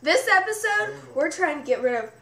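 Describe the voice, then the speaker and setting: A young woman co-hosting a casual on-camera chat with a friend, bossy and teasing, with bursts of loud exclamations. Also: very high-pitched, animated, brisk. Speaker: co-host.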